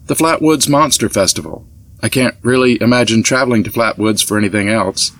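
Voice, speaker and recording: A man's voice: fairly low pitch, brisk, a bit bright, close to an everyday voice. A man reading a chatty young woman dancer in an audiobook, lifting his voice for her. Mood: upbeat.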